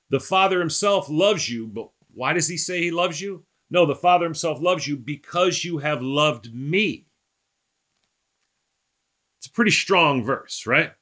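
Emphatic, bright-voiced male Bible teacher. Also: fairly high pitch. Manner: emphatic, keeps checking in with "right?"; rhetorical questions to listeners.

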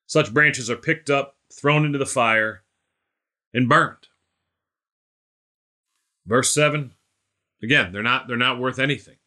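A man's voice: medium pitch, slow pace, long pauses, sharp tone. A man teaching an informal Bible study, emphatic, repeating phrases and calling on listeners by name. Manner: emphatic, repeats phrases, asks the group rhetorical questions.

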